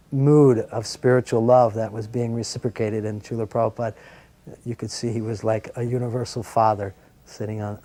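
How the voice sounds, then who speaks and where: A man with a middle-pitched, soft-spoken voice tells a personal memory. He talks earnestly and without hurry, in a reflective tone. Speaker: devotee recalling memories. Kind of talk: reflective recollection.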